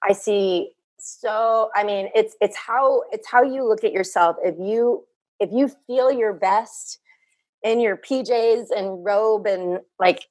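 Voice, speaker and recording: A woman's voice: medium pitch, slow, a little mellow. A woman in her thirties, a guest on a podcast, talking earnestly and reflectively in casual chat. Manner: earnest, reflective, repeats herself. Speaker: guest, fitness business owner.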